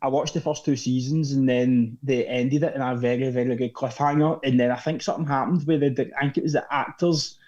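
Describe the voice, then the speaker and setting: A Scottish man talks in a rambling, chatty way, leaning on "mate" in nearly every sentence. His voice sits at a middling pitch. The recording sounds a little dull and lo-fi. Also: steady tone, brisk, hardly any pauses, darkish tone. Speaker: podcast guest. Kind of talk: casual chat.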